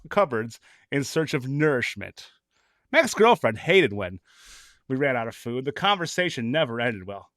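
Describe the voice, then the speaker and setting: Animated man reading a comic story. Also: mid-range voice, dry recording, studio quality. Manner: animated, mock-dramatic, laughing often. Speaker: reader of comic stories.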